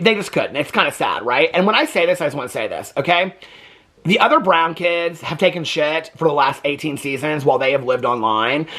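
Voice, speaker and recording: Brief: husky-voiced man riffing on a TV show, lively and gossipy, keeps checking in with the viewer. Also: a little high. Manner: animated and gossipy, keeps asking "okay?"; laughs often while talking. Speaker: reaction video host. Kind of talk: casual reality-TV reaction commentary.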